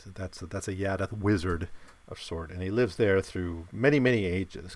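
A man in a casual, rambling discussion of a story he has read, with animated bursts. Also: deep voice, moderate pace, no echo. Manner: rambling, many fillers and restarts, animated bursts. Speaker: podcast host discussing a story.

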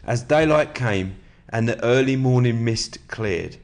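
Man, slightly sore throat, podcast host, relaxed matey chat, steady book reading, mid-pitched voice. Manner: relaxed, matey, reads at an even measured pace.

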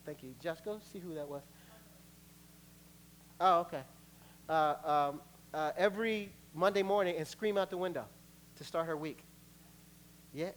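A man's voice: a little high, a little slow, pauses often, a little hiss or hum. Playful preaching pastor, man. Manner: lively, playful preaching with laughs and acted-out quotes. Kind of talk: sermon. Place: church sanctuary.

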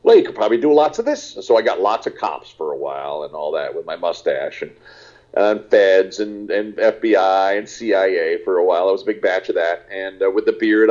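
Older guy, low mellow voice, rambly story chat, dull lo-fi sound. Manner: rambling, animated storytelling with lots of "uh". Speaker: actor guest. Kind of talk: casual interview chat.

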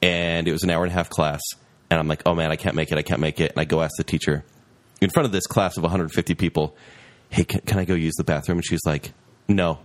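A man's voice: low-pitched, flat delivery, fast talker. A man co-hosting a casual chat, telling a self-deprecating story. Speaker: podcast co-host.

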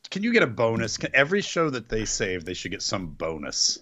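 A man's voice: on the low side, huge pitch swings, brisk, bright, forceful tone. A man co-hosting a podcast, giving wry, opinionated takes in casual chat about wrestling. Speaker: podcast co-host. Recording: dull lo-fi audio.

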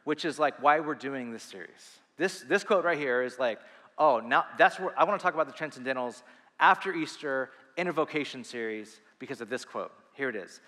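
Male pastor preaching, bright and forceful, earnest with restarts, long hall reverb. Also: mid-range voice. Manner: animated, earnest, with quick asides and restarts. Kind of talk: sermon.

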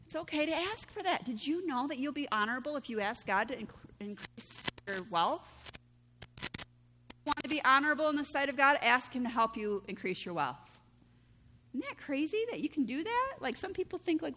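A woman pastor preaches in a chatty, questioning way, often checking in with her listeners. Her voice sits a bit high and rings bright. The sound trails off in the long reverb of a large church hall. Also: very animated, a little fast. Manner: conversational, peppered with rhetorical "right?". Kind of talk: sermon.

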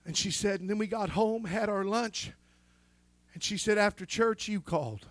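High, bright-voiced preaching man. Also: moderate pace, no echo. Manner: fervent preaching with restarts and calls of amen. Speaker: pastor. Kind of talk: sermon.

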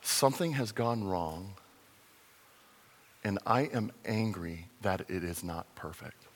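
A man preaching a conversational sermon as a pastor, animated and sometimes acting out the voices in the story. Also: sits low, slow pace, big-room sound. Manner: conversational, animated, acts out voices in his retelling.

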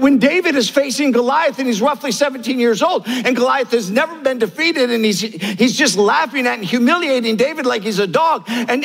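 A man's voice: extremely high pitch, creaky, breathy edge. Older preaching man in a reverberant hall. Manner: animated preaching, repeated lines building up, then a quiet personal story. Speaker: pastor. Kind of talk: sermon.

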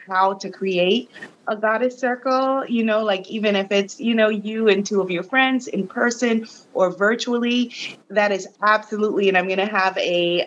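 A woman's voice: mid-range voice, lo-fi sound, slight background noise. A woman author in a casual interview, affirming and prone to repeating phrases. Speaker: author, guest.

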